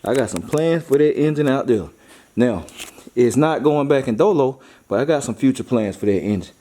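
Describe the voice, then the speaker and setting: A man's voice: medium pitch, lively intonation, moderate pace, dark tone. Laid-back man hyping his car plans. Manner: laid-back, repetitive, hype talk with slang. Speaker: car vlogger. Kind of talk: casual vlog talk.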